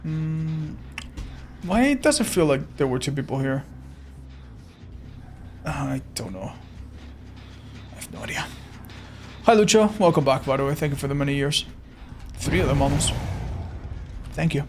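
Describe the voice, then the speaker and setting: A man's voice: on the high side, expressive, a little slow, pauses often, soft background music. Cursing young man streaming a game. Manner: swears often, frustrated outbursts. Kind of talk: live gameplay commentary. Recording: noisy stream with game sound.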